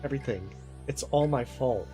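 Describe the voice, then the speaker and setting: A man's voice: mid-range voice, moderate pace, close to an everyday voice. Brief: a man playing an anxious, devoted father with a pleading tone, with game music behind. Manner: pleading, worried. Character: anxious loving father, middle-aged man.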